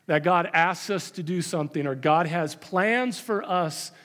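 A man's voice: on the high side, unhurried, a bit bright. A man preaching a sermon as pastor, conversational with emphatic repetition. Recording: long hall reverb.

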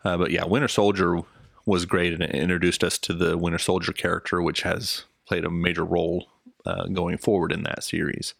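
A man co-hosting a casual film podcast, talking in a halting way with many restarts. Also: deep voice, little pitch movement, creaky, fairly bright tone, breathy edge, no echo, clean studio sound. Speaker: podcast co-host.

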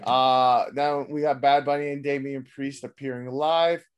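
A man's voice: mid-range voice, steady tone, measured pace, clear, resonant tone, lo-fi sound. A man hosting a wrestling podcast, casually recapping the show in a loose, rambling way with plenty of swearing.

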